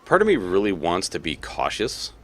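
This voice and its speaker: A man's voice: low-pitched, huge pitch swings, normal speed. A young man casually commenting on his own gameplay as a let's play host, thinking aloud and laughing often.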